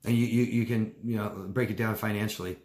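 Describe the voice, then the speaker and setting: Coaching live and taking viewer questions, a man rambles and repeats himself, occasionally putting on mocking high voices to imitate people. His tone is steady and darkish, his pace a little fast, and the audio reverberates.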